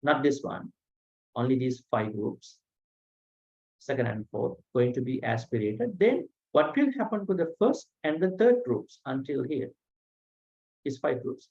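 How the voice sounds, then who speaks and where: Slow patient man teaching sounds. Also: medium pitch, animated, darkish tone, slightly rough. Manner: slow, patient, pronounces sounds one by one with many "uh" pauses. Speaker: Pali teacher. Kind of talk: online language lesson. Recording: dull lo-fi audio.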